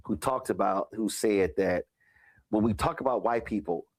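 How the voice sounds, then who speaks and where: A man hosting a talk show and interviewing an author, telling stories with lively repetition for emphasis. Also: fairly low pitch, moderate pace. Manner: animated storyteller, repeats phrases for emphasis.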